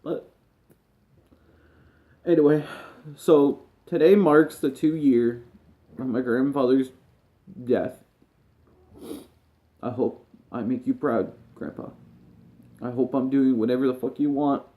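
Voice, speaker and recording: A man with a warm, mellow voice talks straight to his viewers while grieving and close to tears. His speech is halting and emotional, with phrases that often fade to a near hush. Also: mid-range voice. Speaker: gaming streamer. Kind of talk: personal talk to camera.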